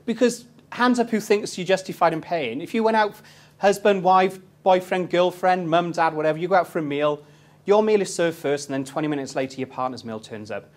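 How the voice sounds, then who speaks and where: A man's voice: high voice, a little fast, darkish tone. A man in his thirties giving a live property investment seminar, telling stories cheekily and quizzing his audience.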